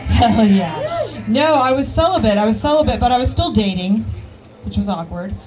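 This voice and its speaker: Female stand-up, slightly high voice, raunchy, loose, rambling delivery. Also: very animated, moderate pace, a crowd in the background, low-quality recording. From Alabama. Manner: brash, crude punchlines and rambling asides. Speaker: stand-up comedian. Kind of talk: stand-up comedy set. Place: live outdoor show with audience.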